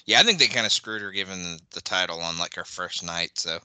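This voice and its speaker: A man hosting a casual watch-along podcast, relaxed, with laughing asides and trailing remarks. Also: low-pitched, a little fast, clear, resonant tone, no echo, low-quality recording. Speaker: podcast host.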